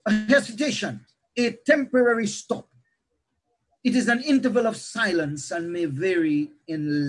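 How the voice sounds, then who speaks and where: Man, pastor teaching a preaching class, husky, a bit high, lively lecture. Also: poor audio. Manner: animated teaching, shifting pace and loudness.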